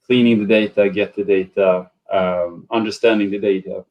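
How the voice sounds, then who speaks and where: A man speaking on an online panel discussion, halting and restarting often, heard over a video call. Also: on the low side, fairly even intonation, lo-fi sound. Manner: halting, many restarts and fillers.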